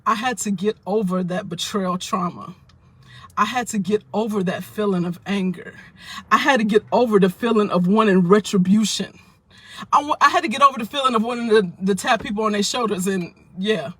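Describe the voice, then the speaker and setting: A woman's voice: mid-range voice, brisk, a bit bright, husky, no room sound. A woman vlogger talking to the camera, emphatic and preachy, repeating phrases for weight. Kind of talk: casual talk to camera.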